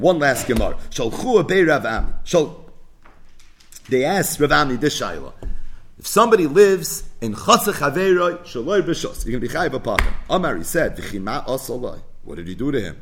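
Man teaching a lively Talmud lesson. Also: on the high side. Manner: explains in English mixed with Hebrew and Aramaic terms; conversational, asks and answers his own questions. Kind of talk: daily Talmud page lesson.

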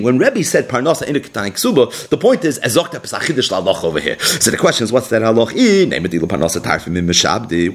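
A man teaching a Talmud class in an explanatory way, mixing English with Hebrew and Aramaic terms. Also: mid-range voice. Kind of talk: daily Talmud page class.

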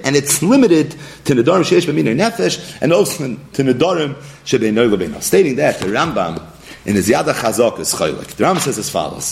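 A man's voice: mid-range voice, vocal fry. A man teaching a Talmud study lesson, reading source texts aloud and pressing his points with rising emphasis.

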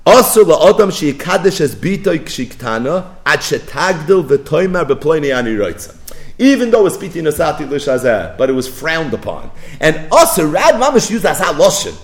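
A man teaching a Talmud lesson, chanting quoted texts in a singsong and building to near-shouts. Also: on the high side, very animated, normal speed. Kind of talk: yeshiva-style Talmud lecture.

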